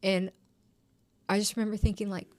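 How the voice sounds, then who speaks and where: A woman's voice: medium pitch, level tone, fairly quick, no echo. A young woman sharing her personal recovery story as a podcast guest, emotional and full of "like" fillers. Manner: emotional, frequent "like" fillers, trailing phrases.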